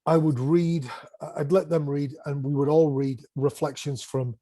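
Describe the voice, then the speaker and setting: A man telling classroom stories in an animated way, swearing casually and acting out what people said. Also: on the high side, moderate pace, dry recording. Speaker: guest, music educator. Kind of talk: casual conversation, storytelling.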